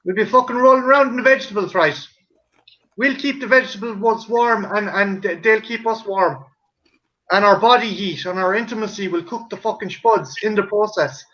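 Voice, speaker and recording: An Irish man with a high, bright voice tears through a foul-mouthed, rambling comic rant. He is theatrical and keeps building on his own jokes. The audio is muffled and lo-fi. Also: moderate pace. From Ireland. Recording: dull lo-fi stream audio.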